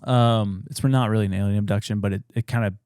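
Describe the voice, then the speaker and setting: Low, mellow man telling a spooky tale. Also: fairly even intonation, fast talker, smooth, no room sound, studio quality. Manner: loose, filler-heavy retelling with quoted dialogue. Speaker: podcast co-host. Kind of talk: casual storytelling chat.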